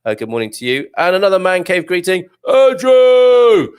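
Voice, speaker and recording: A man's voice: high-pitched, animated, quick pace, fairly bright tone, smooth. A man hosting a live morning show, reading out viewer comments in a chatty, jokey way, full of fillers and laughs. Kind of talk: casual live chat.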